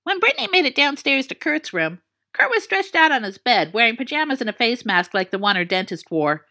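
A woman narrating a story in a playful, expressive reading. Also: fairly high pitch, brisk.

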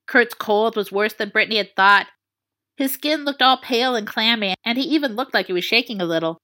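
A woman narrating a story in a playful, expressive reading. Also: mid-range voice, normal speed.

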